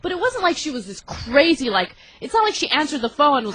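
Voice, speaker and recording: A woman's voice: high-pitched, big pitch swings, brisk, few pauses, fairly bright tone. A female talk show co-host arguing her point with emphatic opinion commentary. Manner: emphatic, argumentative.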